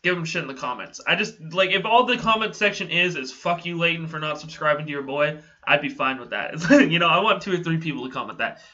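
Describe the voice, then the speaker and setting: A man's voice: a little high, lively intonation, quick pace, hardly any pauses, bright, forceful tone, dull audio. A young man telling a casual story to his channel, rambling, laughing often and swearing freely. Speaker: vlogger.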